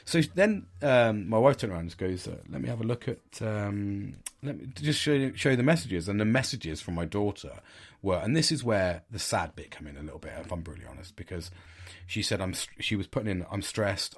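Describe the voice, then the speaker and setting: Middle-aged podcast host, lowish voice, frank and rambling monologue. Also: male voice, very animated, brisk, husky. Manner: candid, sweary, rambling with restarts. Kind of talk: casual storytelling monologue.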